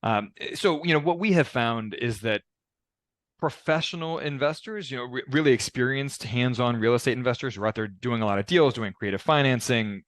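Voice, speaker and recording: A man hosting a podcast, explaining in a measured way with frequent conversational fillers. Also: medium pitch, fairly bright tone, dry recording. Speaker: podcast host. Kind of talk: conversational interview.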